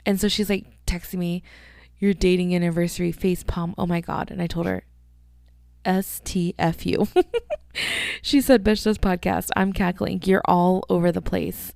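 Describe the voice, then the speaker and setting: A woman's voice: lowish voice, little pitch movement, normal speed, creaky, darkish tone, no echo. A woman in her thirties hosting a casual solo podcast, rambling and chatty, swearing freely. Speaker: podcast host.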